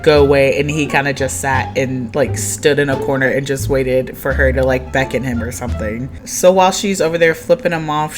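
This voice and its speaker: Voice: mid-range voice, fairly bright tone. A chatty recap commentator who talks casually, laughs often and acts out quotes.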